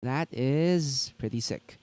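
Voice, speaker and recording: A man's voice: medium pitch, slow pace, a little mellow, smooth, no room sound. Casual rambling man on a dry mic. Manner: casual, rambling, many fillers and restarts. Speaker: co-host of a tabletop gaming news show. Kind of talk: casual live-stream news chat.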